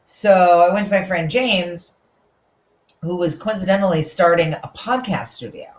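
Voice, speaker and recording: Woman comic, thirties, chatty and animated, echoey room. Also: lowish voice, normal speed. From Newton, Massachusetts. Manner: chatty, animated, many fillers and restarts. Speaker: guest comedian. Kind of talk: casual interview chat.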